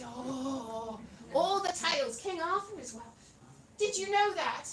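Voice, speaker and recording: A Welsh woman doing live stand-up comedy in a pub venue, animated and breaking into shouted Welsh words. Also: sits high, slow, crowd noise. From Wales. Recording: roomy live room from a distance.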